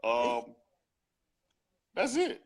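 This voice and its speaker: A man's voice: mid-range voice, wildly swooping pitch, extremely slow, a crowd in the background. Chill southern guy from north florida, voice bounces up and down a lot, teasing his friend on a call. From Jacksonville, Florida. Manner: laid-back, teasing, Southern slang. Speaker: guest co-host. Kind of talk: casual chat. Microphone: online call.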